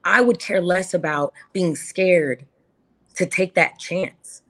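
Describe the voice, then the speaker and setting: With a lowish voice and a slow, deliberate pace, a woman in her thirties guests on a podcast in a casual interview. She speaks with sincerity and animation, voicing quotes in her own way.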